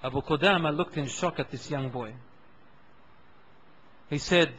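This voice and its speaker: A man's voice: a little high, measured pace, a bit bright, a little hiss or hum, poor audio. A male preacher telling a dramatic story in a sermon and shifting his voice for each figure.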